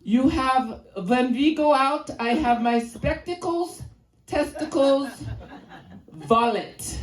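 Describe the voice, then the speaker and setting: A woman's voice: sits high, takes it slowly. A woman voicing her father, a blunt middle-aged immigrant man scolding his daughter. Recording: echoey room.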